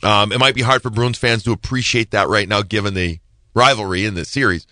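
A man's voice: fairly low pitch, a little fast, bright, forceful tone, no echo. A man giving hockey analysis on a podcast, emphatic and repeating himself to stress a point. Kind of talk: podcast sports talk.

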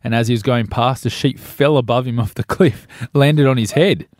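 A man's voice: mid-range voice, normal speed, a little mellow, no echo, studio quality. An Australian man co-hosting a breakfast radio show, joking and laughing through the banter. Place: radio studio. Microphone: studio microphone.

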